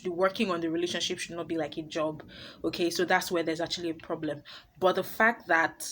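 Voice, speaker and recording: Woman vlogger giving relationship advice, blunt and emphatic, kinda low voice, faint hiss behind. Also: fairly bright tone. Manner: emphatic, blunt, laughs easily, repeats herself. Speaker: vlogger host. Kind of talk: casual to-camera advice vlog.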